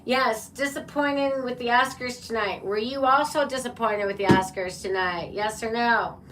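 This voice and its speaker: Woman tarot reader, high-ish voice, unhurried and playful, set back from the mic with a faint hum behind her. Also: fairly bright tone, distant mic. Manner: chatty and playful, laughs often, talks to viewers as "my love" and "baby". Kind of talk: casual live-stream tarot reading.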